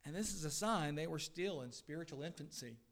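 A middle-aged man, a pastor, preaching a sermon to his church with earnest swells in pitch and volume and the odd dry aside. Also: animated, fairly quick. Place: church sanctuary.

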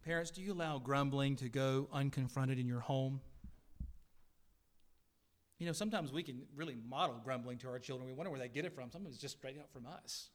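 A middle-aged man, a pastor, preaching a sermon to his church with earnest swells in pitch and volume and the odd dry aside. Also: fairly quick. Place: church sanctuary.

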